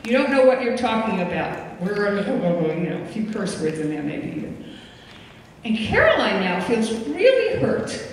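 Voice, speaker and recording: A woman in her sixties, a psychiatrist giving a relaxed, conversational parenting lecture, slipping into the voices of the parents and children she quotes. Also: on the high side. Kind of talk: lecture to an audience. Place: lecture hall. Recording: echoey hall from far off, faint noise.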